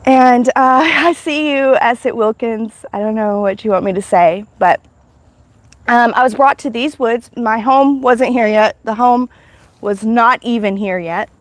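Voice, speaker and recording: Woman, higher voice, dry close mic, rambling heartfelt testimony livestream. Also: a little slow, dry recording. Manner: emotional, rambling storytelling with many restarts. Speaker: livestream host.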